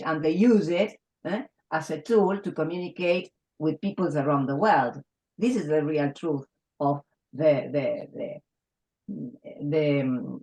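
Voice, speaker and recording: Argentinian lady teacher, spanish is her first language, low voice, emphatic, keeps restarting her sentences. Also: a little mellow, poor audio. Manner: earnest, emphatic, with frequent restarts. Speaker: English teacher. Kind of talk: round table discussion.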